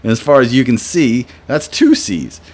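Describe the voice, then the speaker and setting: A man's voice: medium pitch, big pitch swings, moderate pace, a little mellow, husky, pitched above the performer's own voice. A man quoting a young buddy who explains something matter-of-factly. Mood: explaining. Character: easygoing young man from the hills, matter-of-fact.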